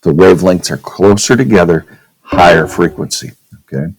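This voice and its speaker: In a low, darkish, slightly rough voice at normal speed, a man teaches a casual physics class at a whiteboard. He checks in often with "okay?" and demonstrates things vocally. The recording is dry and rough.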